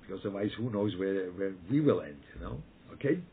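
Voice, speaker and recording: Emphatic rabbi on a tinny line. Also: male voice, low voice, expressive, brisk. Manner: emphatic, repeats words, checks in with "yeah?" and "okay?". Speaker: rabbi teaching. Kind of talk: Torah lesson answering questions. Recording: tinny phone-like line with faint noise.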